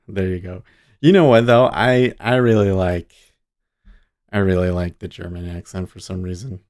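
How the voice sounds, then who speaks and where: A man's voice: deep voice, fairly even intonation, measured pace, long pauses, a little mellow. A man hosting a day trading livestream, chatting casually and easily with his viewers and chuckling often. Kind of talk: casual live-stream chat.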